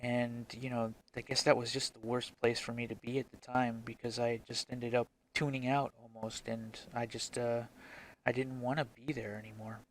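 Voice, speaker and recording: A man's voice: medium pitch, flat delivery, normal speed, a little hiss or hum. A man talking to camera in a casual, reflective vlog as an indie game developer. He is frank, rambles with many restarts, and swears freely.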